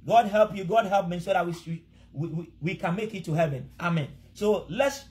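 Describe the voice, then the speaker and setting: High-voiced Ghanaian preacher. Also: male voice, normal speed, darkish tone. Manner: earnest, exhorting, pleading. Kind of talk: sermon mixing Twi and English.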